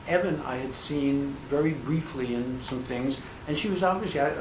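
An older man, a film director answering questions at a press conference, speaking haltingly with restarts and self-deprecation. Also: medium pitch. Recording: echoey room with background noise.

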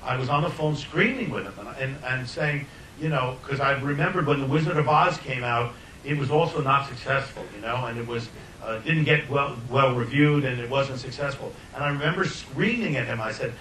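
An older man, a filmmaker, telling anecdotes in an animated way, often laughing and restarting his sentences. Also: fairly quick. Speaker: filmmaker guest. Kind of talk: anecdotal storytelling. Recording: roomy distant mic, faint rumble.

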